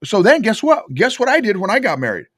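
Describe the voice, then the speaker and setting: Emphatic man with a higher voice. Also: quick pace, no room sound, clean studio sound. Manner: emphatic, animated storytelling. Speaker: emotional intelligence coach. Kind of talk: podcast interview.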